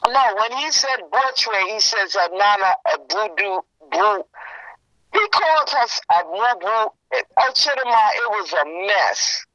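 A woman chatting casually with a friend, telling a story in an animated way and acting out what people said. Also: medium pitch, a little slow, no room sound. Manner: animated storytelling, acts out quoted exchanges. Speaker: friend in a phone chat. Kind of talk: casual gossip about a funeral. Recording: muffled lo-fi sound.

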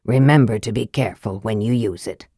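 Woman voicing a sly male mage, soft murmur, very low, dry recording, audiobook. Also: brisk, slightly rough, no room sound, full character voice. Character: frail, sly male mage, cold and sardonic. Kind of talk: audiobook character voice.

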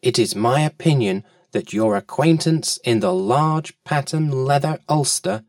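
A man's voice: a little high, darkish tone, dry recording, studio quality, far from the mic. A man doing a pompous, wordy old python. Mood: urgent, pompous. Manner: slow, pompous and formal.

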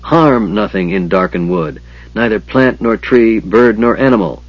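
A man voicing a frail, sardonic male mage who speaks in a slow, disdainful, quiet hiss. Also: on the low side, dull audio. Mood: grave.

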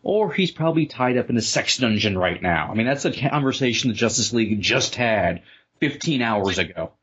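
A man's voice: mid-range voice, lively intonation, brisk, a bit bright, breathy edge. A man co-hosting a comedy podcast, heckling the story with sarcastic, profane commentary. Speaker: podcast co-host. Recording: slightly dull lo-fi sound.

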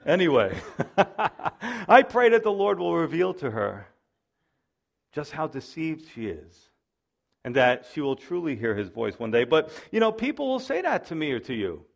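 A male pastor preaching in an easy, conversational style, spinning stories into his sermon. His voice sits a little on the high side for a man. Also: very animated, a little slow, gravelly, pauses often.

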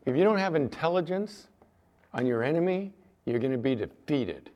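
A man's voice: on the high side, expressive, normal speed, dull audio, a little hiss or hum. An older man preaching a sermon as pastor, telling a story and acting out the voices in it.

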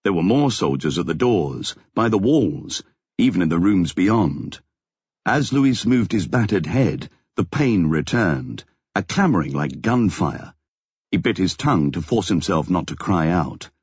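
Low husky male narrator. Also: big pitch swings, unhurried, a little mellow, dry recording, dull audio. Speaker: audiobook narrator. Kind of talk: scripted narration.

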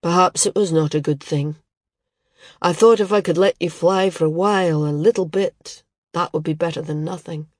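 A grieving older father, speaking slow and heavy with a low, weary sadness, as a woman narrator reads him. The sound is dry and close. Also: steady tone, darkish tone, dry recording, close to an everyday voice. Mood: sad.

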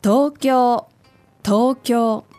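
A woman's voice: a little high, steady tone, very slow, a little mellow, dry recording. A woman co-hosts a language podcast. She models each phrase carefully and repeats it for learners, then answers questions in short sentences. Faint music sits behind her. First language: Japanese. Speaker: podcast co-host and native-speaker model.

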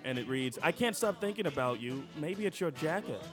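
A man hosts a loose, jokey podcast, reading posts aloud in a lively voice that swoops up and down and sits a little high. He laughs easily between lines, and music plays behind him. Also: fairly quick. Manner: laughs often, animated reading voice. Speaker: podcast host. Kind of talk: casual podcast banter, reading listings aloud.

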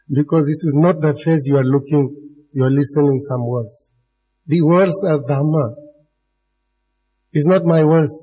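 Captured on a rough recording, a man with a highish, mellow, husky voice gives a dharma talk to a live audience. He speaks to his listeners directly in non-native, broken English and chuckles a great deal.

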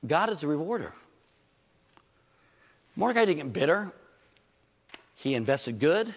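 A man preaching a sermon in a church, animated and joking, with rhetorical questions to his congregation. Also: fairly high pitch, unhurried. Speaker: pastor. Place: church hall. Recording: reverberant church hall.

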